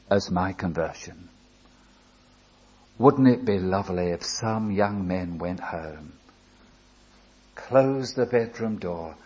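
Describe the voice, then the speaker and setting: Older man preaching, slow deliberate delivery, emphatic appeals, dull lo-fi recording. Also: on the low side, a little mellow. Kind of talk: sermon.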